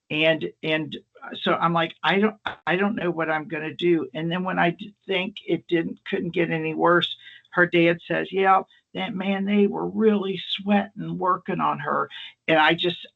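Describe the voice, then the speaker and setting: Gravelly man telling stories, lo-fi. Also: fairly high pitch. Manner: animated anecdotal delivery, acts out quoted people. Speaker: emergency nurse presenter. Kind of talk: casual storytelling talk.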